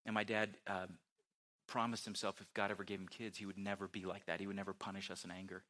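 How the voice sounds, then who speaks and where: A man preaching a conversational sermon as a pastor, chatty and quick to correct himself. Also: deep voice, little pitch movement, pushed and bright.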